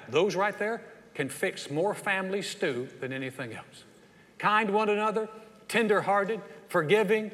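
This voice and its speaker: Southern preacher guy, high-ish voice, folksy and lively, long echo of a big hall. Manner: folksy, animated, asks the crowd questions. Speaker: pastor. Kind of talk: sermon.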